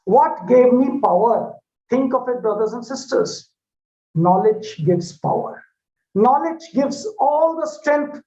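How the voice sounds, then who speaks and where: A man with an Indian English accent giving a devotional talk in a satsang hall, telling stories and addressing listeners with many filler pauses. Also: very high-pitched, expressive, warm tone. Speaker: spiritual speaker. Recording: echoey dull lo-fi hall recording.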